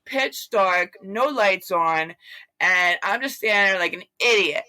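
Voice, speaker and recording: A woman guest on an interview recounts what happened to her, rambling animatedly with lots of fillers and performed quotes. She talks a little slowly in a bright, forceful, mid-range voice, and the recording is close and dry, free of room echo.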